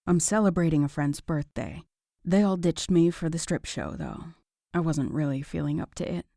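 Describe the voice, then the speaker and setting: A woman voicing a poised, friendly young divorced woman in a romance audiobook, polite and soft-spoken. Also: low voice, normal speed, creaky, no echo, studio quality.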